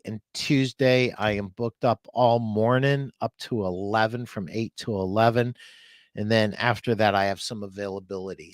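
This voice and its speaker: A man's voice: mid-range voice, no echo. Earnest, emotional man on a dry mic. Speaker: furniture sales rep guest. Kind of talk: live podcast chat.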